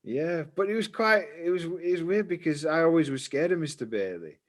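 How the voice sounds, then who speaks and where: A man, co-hosting a casual podcast chat and telling stories in an animated way, laughing easily. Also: a little high, a little fast. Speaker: podcast co-host.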